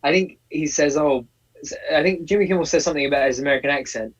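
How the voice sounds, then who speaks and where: A man co-hosting a casual live-stream chat, gushing and excitable, tripping over and repeating his words. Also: on the high side, quick pace, breathy edge. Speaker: co-host. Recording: distant, muffled call audio.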